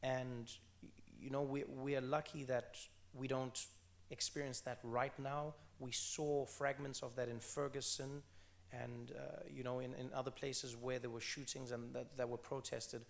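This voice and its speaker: A man's voice: mid-range voice, flat delivery, measured pace, creaky. A man in his thirties from South Africa with a South African accent, speaking onstage as an author guest in an earnest, emphatic way and repeating phrases for stress. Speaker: author guest at a book event. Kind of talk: onstage conversation.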